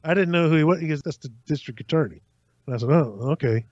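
A man casually telling a long personal story on a podcast, acting out other people's lines in an animated way. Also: on the high side, quick pace, no echo. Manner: animated, acts out voices in anecdotes. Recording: dry, slightly dull sound.

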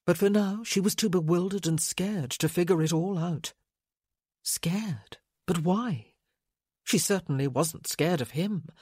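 A woman narrating an audiobook in a measured, unhurried reading. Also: lowish voice, a little mellow, breathy edge, no room sound, clean studio sound.

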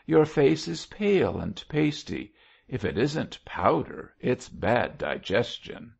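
A man's voice: mid-range voice, big pitch swings, slow pace, creaky, breathy edge, voice pushed up, exaggerated voice. A man reading an audiobook voices an outspoken little old woman, tart and blunt. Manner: tart, speaks her mind. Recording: dull lo-fi audio.

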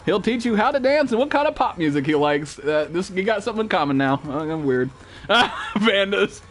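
A man's voice: sits high, lively intonation, brisk, fairly bright tone. A young man streaming a game live, greeting viewers and joking in loose, profane, rambling talk. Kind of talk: live gameplay stream chat.

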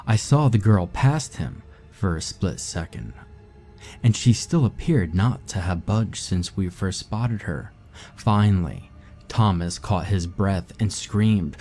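Deep, dark-voiced male horror narrator. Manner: steady, measured, somber first-person telling.

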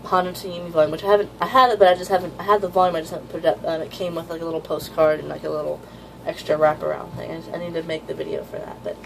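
A woman chatting casually as she pages through a new manga volume, rambling and gushing with excitement, with a slightly sore throat. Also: low voice, very fast, gravelly, a little hiss or hum, rough recording. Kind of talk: casual unboxing chat.

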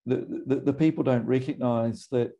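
A middle-aged Australian man, a GP, speaking in a measured, thoughtful way with frequent pauses and ums. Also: medium pitch, mellow, highs cut off. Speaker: GP and medical association guest. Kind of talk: recorded conversation.

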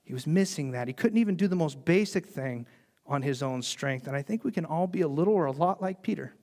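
A man preaching a sermon as pastor, telling the story in an animated way and briefly acting out the voices of the people in it. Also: fairly high pitch, a little fast. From United States.

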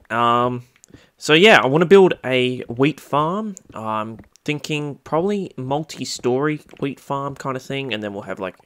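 Rambling young gamer guy. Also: clear, resonant tone. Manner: rambling, excitable, bursts into squeaky cutesy voices. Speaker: Minecraft let's-play host. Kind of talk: casual gameplay commentary.

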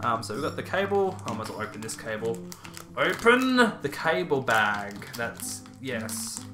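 A man's voice: mid-range voice, big pitch swings, normal speed. A young man chatting casually through an unboxing, with playful, self-mocking asides. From Australia. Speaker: YouTuber. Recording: roomy echo, faint music.

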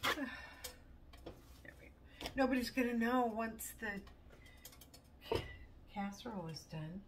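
Taking her time, a woman with a slightly high voice talks while cooking at home. She's chatty and pokes fun at herself, laughing a lot, and the distant mic picks up a constant background hum.

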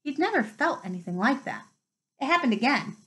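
A woman reads a novel aloud, her voice set somewhat high. She tells it expressively, lifting her pitch with the action. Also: sing-song, brisk, a bit bright, rough recording. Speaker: reader.

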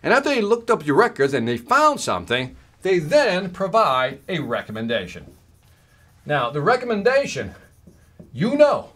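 A man's voice: on the high side, fairly bright tone. A man giving a workshop talk as a sales trainer, telling a story and acting out both sides of the conversation, checking in often with "right?".

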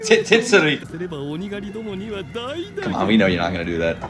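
A man hosting an anime reaction, talking casually and excitably, swearing often and breaking into shouts. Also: low-pitched, rapid-fire. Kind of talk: live reaction commentary. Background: anime soundtrack and dialogue playing.

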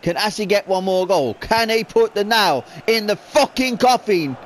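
A gaming video creator commentates on his own football video game, swearing and venting frustration in profane outbursts. His voice is high-pitched and expressive, at a normal speed.

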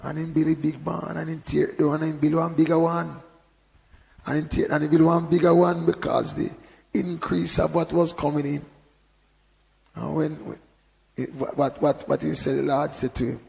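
A man preaching informally, with a strongly gravelly, creaky voice pitched a little above the usual. He talks conversationally, often adding "you know", then bursts into loud emphasis. A long reverb from the hall trails after his words. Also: flat delivery, normal speed. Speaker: Bible teacher. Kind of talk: informal sermon.

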